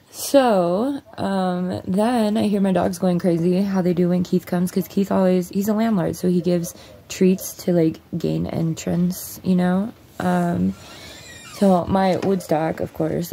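Low, gravelly woman telling a story. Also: normal speed. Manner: blunt, profane, animated retelling. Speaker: vlogger. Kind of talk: casual storytime. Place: at home.

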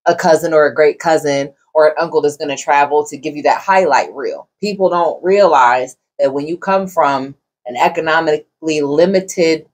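A woman's voice: low-pitched, normal speed, few pauses. A woman co-hosting a casual podcast discussion, speaking earnestly from personal experience.

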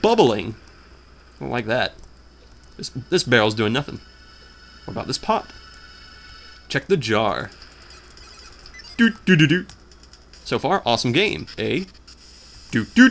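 A man's voice: mid-range voice, a bit bright, slight background noise. A man giving crude, mocking commentary while playing a video game, humming the theme and trying out funny voices. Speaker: let's player. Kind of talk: casual gameplay commentary.

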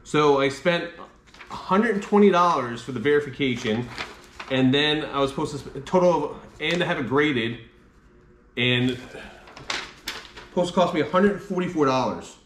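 A man's voice: fairly high pitch, moderate pace, pauses often, a bit bright, a little hiss or hum. A man vlogging about a comic book mystery box, talking in a frustrated, exasperated way with mild swearing. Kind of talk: casual unboxing vlog. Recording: echoey room, faint ambience.

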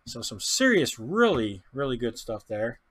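A man giving chatty, excitable commentary while opening baseball card packs, often stumbling over player names and laughing. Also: mid-range voice, a little slow, husky. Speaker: card pack breaker.

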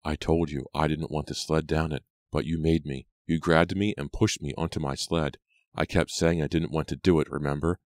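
Vengeful teenage girl for an audiobook, cold and taunting, voiced by a deep-voiced man in a dry booth. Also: fairly even intonation, normal speed, darkish tone, no echo.

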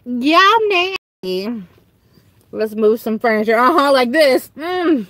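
Young Southern woman streaming from home, with a high, bouncy voice that swoops way up into squeals when she acts out stories. Giggly and loud, talking straight to her chat over a webcam mic. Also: lively intonation, moderate pace, no echo. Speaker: livestream host. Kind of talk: casual livestream chat.

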